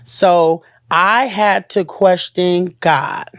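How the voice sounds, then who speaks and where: An interview guest recounting a painful experience in an earnest, halting way, with sentences that trail off and start again. The voice sits mid-pitch, and the recording is dry and close with no room sound. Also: fairly even intonation, fairly bright tone, dry recording. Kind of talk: emotional personal account in an interview.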